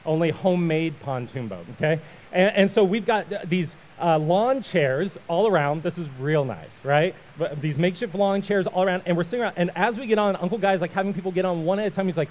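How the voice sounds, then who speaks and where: A male pastor giving a sermon, telling a story with lively acted-out voices before turning to prayer. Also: high voice, fast talker, low-quality recording. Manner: animated storyteller, acts out voices and shouts.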